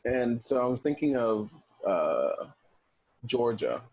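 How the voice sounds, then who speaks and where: A man co-hosting a film podcast in a loose, conversational way. His voice sits at an ordinary middle pitch with a husky edge. He talks with animation and slips into quoted voices as he retells scenes. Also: big pitch swings, slow, a little mellow, no echo, dull audio. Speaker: podcast co-host. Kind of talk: casual film discussion.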